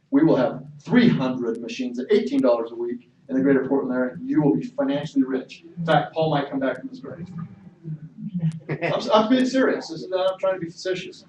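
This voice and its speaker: A man's voice: medium pitch, a little mellow, dull audio. Emphatic man speaking in an echoey room. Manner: emphatic, storytelling, frequent restarts. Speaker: network marketing speaker. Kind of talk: motivational sales talk. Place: meeting room. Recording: echoey hall from far off.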